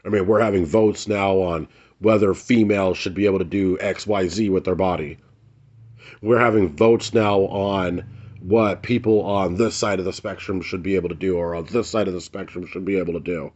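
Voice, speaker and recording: A man's voice: low voice, steady tone, moderate pace, a little mellow, dull audio. A man ranting to camera in a vlog, angry and blunt, swearing and repeating phrases for emphasis. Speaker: vlogger. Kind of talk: heated ranting commentary to camera.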